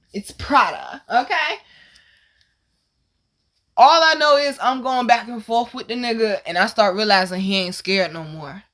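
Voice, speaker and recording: A channel host from Virginia, USA, tells a personal story casually in a fairly high-pitched, brash storyteller voice. She's animated and profane, laughing as she acts out the people in it.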